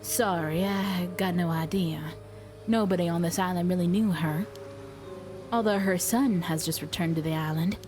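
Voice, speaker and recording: A woman voicing a brisk, modern-minded young female diver, reading game dialogue aloud with a light put-on accent. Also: fairly low pitch, steady tone, over music, pitched below the performer's own voice, close to an everyday voice. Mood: matter-of-fact.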